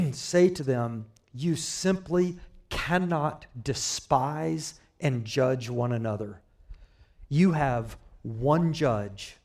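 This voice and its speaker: A man preaching a sermon, explaining scripture in a measured way with light asides. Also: fairly high pitch, a little mellow.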